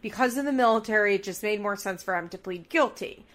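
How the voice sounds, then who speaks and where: A woman's voice: medium pitch, quick pace, a bit bright. Woman, podcast co-host, casual chat, filler-heavy, thinking aloud. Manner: chatty, many fillers, talks through hunches.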